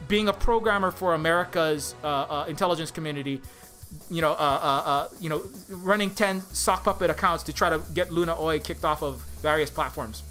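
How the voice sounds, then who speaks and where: A man's voice: on the high side, bright, forceful tone. Guy ranting on video, swears a lot, rambly and sarcastic, faint music behind. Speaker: indie game developer.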